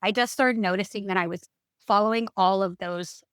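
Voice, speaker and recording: A woman speaking as a podcast guest, telling her story in a candid, expressive way. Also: mid-range voice, fairly quick, clean tone, no echo. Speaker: guest, breathwork guide. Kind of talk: podcast interview.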